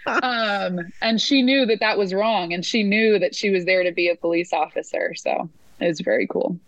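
A woman who works as a sports announcer, telling lively stories in a casual interview, full of fillers and restarts. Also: mid-range voice, moderate pace, dry recording, rough recording.

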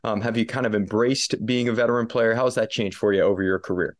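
Male host, slightly low voice, meandering sports questions. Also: fairly even intonation, quick pace. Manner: long, winding questions with fillers. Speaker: interviewer, host. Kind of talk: interview questions.

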